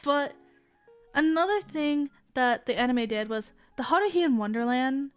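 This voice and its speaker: Excitable young woman streamer. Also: sits high, normal speed, clear, resonant tone, soft background music. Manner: excitable, rambling, swears freely. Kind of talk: casual chat.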